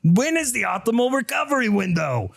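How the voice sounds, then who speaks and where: A man putting on a loud, exaggerated New York accent to read a listener's letter aloud. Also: very high-pitched, very animated, fairly quick, gravelly, slightly rough, voice pushed up, heavily acted. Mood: brash. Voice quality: shouty, exaggerated.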